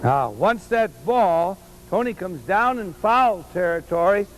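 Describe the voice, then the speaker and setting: Emphatic high-voiced male baseball coach. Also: expressive, slow pace, a little hiss or hum, rough recording. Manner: emphatic, repeats key phrases, directs players. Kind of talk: instructional demonstration. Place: outdoor baseball field. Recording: old VHS tape transfer.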